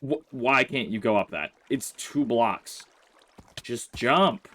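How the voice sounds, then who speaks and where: A man's voice: medium pitch, animated, takes it slowly, pushed and bright. Give me a man hosting a gameplay video, exasperated and grumbling as he talks at his in-game horse. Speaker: let's play host. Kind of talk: casual gameplay commentary.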